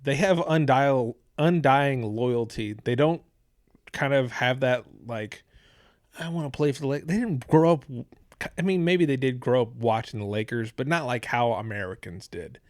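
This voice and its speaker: A man's voice: mid-range voice, a little slow, no echo, studio quality. A man hosting a podcast in casual chat, rambling, swearing freely and laughing often. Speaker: podcast host.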